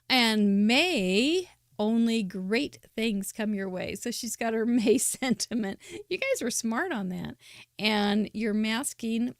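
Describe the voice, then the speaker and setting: A woman hosting a live crafting show, chatting warmly and enthusiastically as she praises viewers' handmade cards. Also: mid-range voice, no room sound, clean studio sound. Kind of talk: live-stream card showcase commentary.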